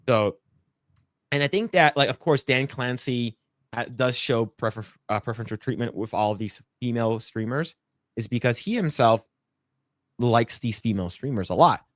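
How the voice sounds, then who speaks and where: A man hosting a podcast, talking in an animated, rambling way with many fillers. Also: medium pitch, moderate pace, dry recording, clean studio sound. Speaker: podcast host. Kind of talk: casual commentary.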